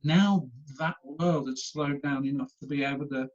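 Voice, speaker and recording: A man's voice: a little high, fairly even intonation, moderate pace, highs cut off. A man telling stories animatedly as a guest, laughing often. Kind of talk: casual storytelling chat.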